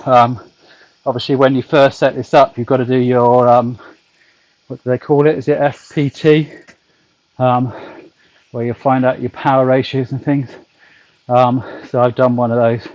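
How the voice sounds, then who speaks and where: A man's voice: mid-range voice, darkish tone, dry recording, highs cut off. A British man chatting casually to his stream while cycling at home on an indoor trainer, rambling with lots of ums and dry humour. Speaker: vlogger cycling on a turbo trainer. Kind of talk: casual chat to a livestream. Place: home, back garden.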